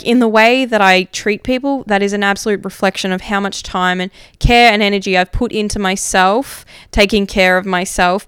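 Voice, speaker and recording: A woman speaks openly about her feelings in a personal podcast monologue, reflective and a little raw, dropping casual swears and filler words. Her voice is very clear and smooth. The recording is close and dry, with no room sound. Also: medium pitch, a bit bright, no room sound. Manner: open, emotional, swears casually. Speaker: podcast host.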